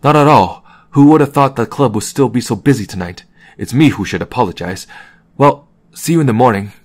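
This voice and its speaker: A man voicing an elegant, warm older woman who is in a hurry, with a slightly husky voice. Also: medium pitch, animated, a little fast, no room sound, pitched above the performer's own voice, close to an everyday voice. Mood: warm, hurried.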